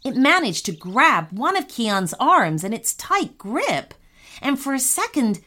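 A woman narrating a children's story in an animated storytelling manner. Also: high-pitched, takes it slowly.

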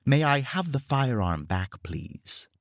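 A man playing a tough old career officer, grave and measured, in a storybook horror reading. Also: medium pitch, sing-song, no room sound, clean studio sound, pitched above the performer's own voice. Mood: grim.

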